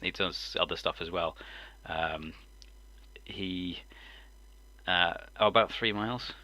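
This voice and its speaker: Deep-voiced rambling English man. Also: takes it slowly, sharp tone. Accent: mixed English, mildly southern-sounding. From Lincolnshire, England. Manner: rambling, chuckling often, many ums. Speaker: live stream host. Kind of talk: casual chat to live chat.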